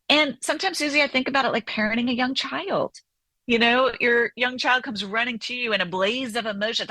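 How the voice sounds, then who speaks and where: A woman's voice: a little high, fairly quick, sharp tone, dry recording. A woman therapist and author being interviewed on the radio, explaining animatedly and often checking in with "right?".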